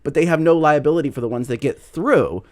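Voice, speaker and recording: A man's voice: on the high side, fast talker, darkish tone. Man co-hosting a radio talk show. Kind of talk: casual chat. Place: radio studio.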